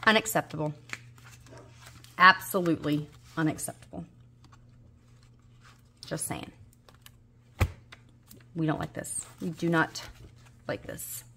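A woman's voice: low-pitched, steady tone, takes it slowly, pauses often, background noise. A woman, a budgeting vlogger chatting casually to viewers, coaxing and scolding her dice, a little unwell and tired. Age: 30s. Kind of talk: casual chat to viewers while rolling dice.

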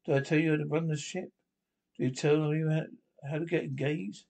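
A man's voice: on the high side, steady tone, normal speed, gravelly, a little mellow. A man reading the part of an indignant, boastful ship's cook in a comedy script reading. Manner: huffy, boastful.

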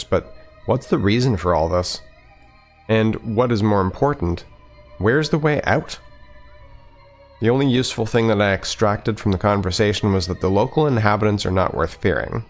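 A man reading a visual novel aloud as a let's player, adding wry conversational asides. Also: lowish voice.

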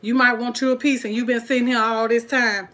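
A woman talking to viewers in a relaxed way while she cooks in her home kitchen, with frying sizzling behind her. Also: fairly high pitch, fairly quick. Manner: chatty, talks to viewers and family at home. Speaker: cooking vlogger. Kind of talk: casual cooking vlog.

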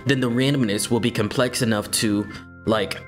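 A man's voice: mid-range voice, steady tone, normal speed, soft background music, close to an everyday voice. A man reading the lines of a nervous, nerdy young man in a game, hesitant and anxious.

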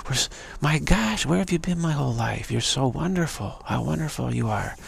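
A man mimicking fawning, flattering young women in a high, sing-song put-on voice as part of a monologue. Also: moderate pace, vocal fry, husky, heavily acted. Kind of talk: mocking impression in a monologue.

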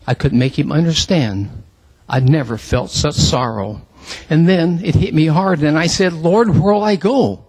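Husky guy doing a dramatic church poem, voice jumps all over, kinda raw and pleading. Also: fairly high pitch, a little mellow. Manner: emotional, pleading, rising to cries.

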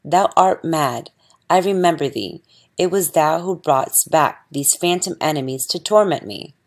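A woman's voice: sits low, measured pace. A woman reading a raving dead king's ghost. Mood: defiant.

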